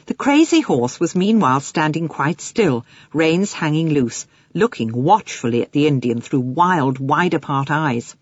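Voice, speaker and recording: Expressive woman reading a children's story. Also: deep voice, unhurried, few pauses, slightly rough, no room sound, lo-fi sound. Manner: expressive storytelling with lively swings. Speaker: narrator. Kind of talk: audiobook narration.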